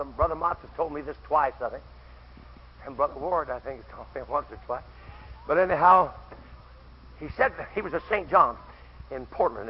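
An older man preaching a fervent camp meeting sermon, telling stories with quoted voices and breaking into shouts, on an old recording. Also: high-pitched, slightly rough. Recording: dull lo-fi old tape recording.

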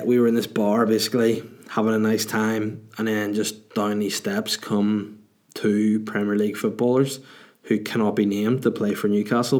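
A Northern Irish man in his thirties hosts a podcast, answering listener questions while chatting casually and joking his way through rambling anecdotes. His voice sits on the low side with a darkish tone.

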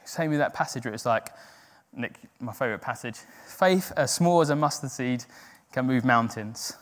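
A man's voice: mid-range voice, expressive, moderate pace. A man giving an informal, earnest sermon with jokes to a church group. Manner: chatty, joking, earnest. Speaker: church speaker. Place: church hall. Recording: long hall reverb.

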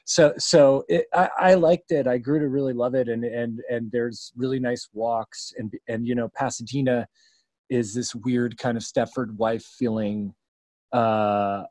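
Interviewing a musician on a relaxed podcast, this male host rambles chattily with plenty of filler words. His mid-range voice has a darkish, steady tone, he speaks a little slowly, and there's no echo.

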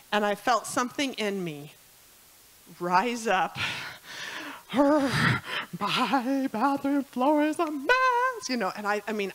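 A woman's voice: medium pitch, a bit bright, rough recording. A woman telling a personal story in a church sermon, chatty and emotional, near tears at times. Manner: emotional, tearful at times, chatty with many fillers. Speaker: speaker at a church service. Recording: music playing behind.

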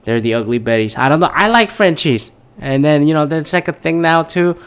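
A man's voice: fairly high pitch, fairly quick, smooth. A man with a slightly nasal voice hosting a podcast, rambling casually and ranting with lots of swearing and restarts. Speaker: podcast host.

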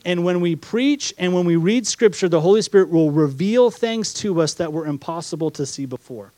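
A man's voice: sits high, expressive, moderate pace, warm tone, no room sound. A man preaching a sermon as pastor, reading scripture aloud and explaining it with rhetorical questions and acted-out asides. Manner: acts out the disciples' doubts in quoted asides.

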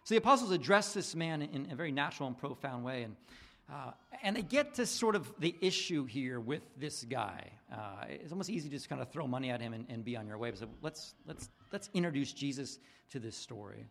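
Speaking briskly in a mid-range voice with vocal fry, this pastor rambles casually through his sermon, restarting often and using plenty of fillers. Snippets of dialogue get acted out in lively voices.

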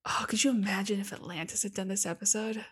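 A woman co-hosting a podcast, chatting eagerly with quick asides. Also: medium pitch, steady tone, a bit bright, breathy edge. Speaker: podcast co-host. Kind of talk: casual chat.

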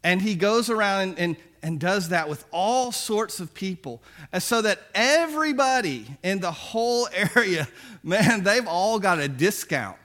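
Bright-voiced, folksy preacher. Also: male voice, sits high, sing-song, a little slow. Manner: casual, folksy storytelling with chuckles. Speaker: pastor. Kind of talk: sermon.

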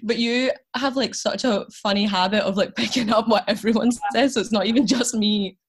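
A woman's voice: fairly high pitch, steady tone, fairly quick, husky. A Scottish woman in her twenties, a podcast guest telling stories in casual chat, talking loosely with lots of fillers and frequent laughter. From Scotland.

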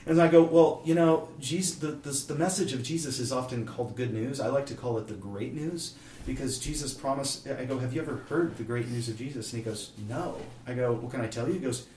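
A man from Kansas City telling a faith story in a casual interview, lively and acting out the people he quotes. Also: medium pitch, fast talker. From Kansas City, USA. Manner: animated storyteller, acts out quoted voices. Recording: roomy, distant mic, faint room noise.

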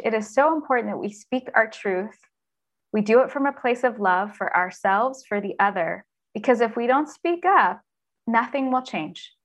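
Earnest, expressive woman coach. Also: medium pitch. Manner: earnest and expressive, acts out inner voices. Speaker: author and executive coach, podcast guest. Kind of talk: conversational interview.

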